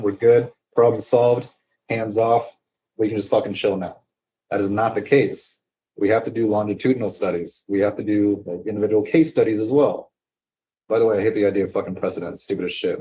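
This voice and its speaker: A man with a fairly low, mellow voice talks casually to the camera. He rambles and drifts off topic, swearing freely and filling his speech with "like" and "um.". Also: slight background noise. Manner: rambling and digressive, profane, with frequent fillers. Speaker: vlogger.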